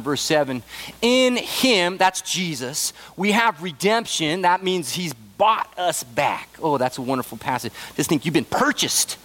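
A man preaching a sermon in a high voice. He talks earnestly and emphatically, climbing into excited bursts and then falling back to soft, low asides. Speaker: pastor.

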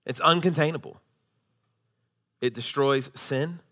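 A man in his thirties, a pastor preaching a sermon with emphatic declarations that drop into quiet intensity. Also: on the high side, unhurried.

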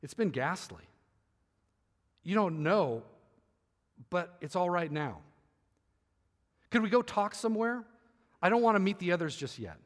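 Man voicing a troubled boy, high voice, soft confiding tone, long hall reverb. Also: very animated, unhurried, pauses often. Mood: subdued. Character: troubled boy turned back from a dragon.

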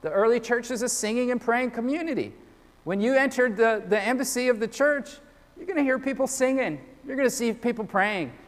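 A man's voice: extremely high pitch, brisk. A man preaching a sermon as a pastor, earnest and often repeating words as he starts sentences. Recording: long hall reverb.

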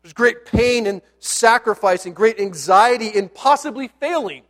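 Preaching a sermon, this high-voiced male pastor keeps a moderate pace and a lively, chatty storytelling style full of playful asides. He lowers his voice nearly to a whisper for key words.

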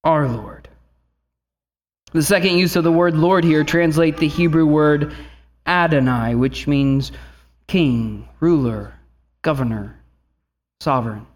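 A pastor with a fairly high voice delivers his sermon in earnest, steady teaching that swells into emphatic declarations. He slips easily into loose, chatty asides before returning to the text. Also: a little slow.

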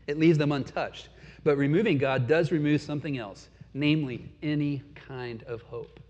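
A man's voice: a little high, normal speed, darkish tone. A man in his forties preaching a sermon as pastor, earnest, swelling and dropping in force. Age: 40s. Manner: earnest, rising and falling in force. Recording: dull sound with long hall reverb.

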